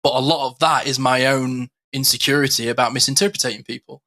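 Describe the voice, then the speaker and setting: Bright, forceful man chatting. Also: mid-range voice, steady tone, a little fast. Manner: chatty, acts out quoted exchanges, frequent fillers. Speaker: podcast co-host. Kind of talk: casual podcast chat.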